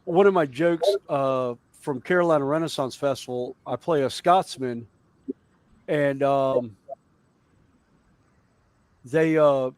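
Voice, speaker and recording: A man's voice: mid-range voice, slow, long pauses, poor audio. A man telling rambling, jokey stories in a casual chat, with many fillers. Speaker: guest on a hobby livestream.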